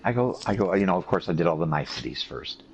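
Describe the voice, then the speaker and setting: A man recovering from surgery, telling profane, animated stories in a casual chat. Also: deep voice, quick pace, gravelly. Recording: dull lo-fi recording with faint noise.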